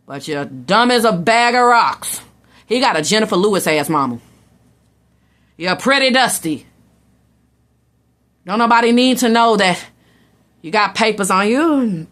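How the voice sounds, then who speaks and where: A woman's voice: fairly high pitch, a bit bright. A woman doing a casual tarot reading. She talks in a blunt, dramatic and profane way and keeps slipping into mock voices. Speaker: tarot reader.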